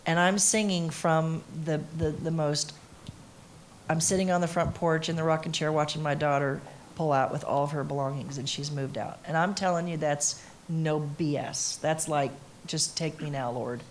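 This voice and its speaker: Middle-aged woman, singer as panel guest, emphatic storyteller, lowish voice. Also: normal speed, slight background noise. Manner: emphatic, animated storyteller who acts out quotes. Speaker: interviewee, singer. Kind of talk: candid conversation on a panel. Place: conference stage before an audience.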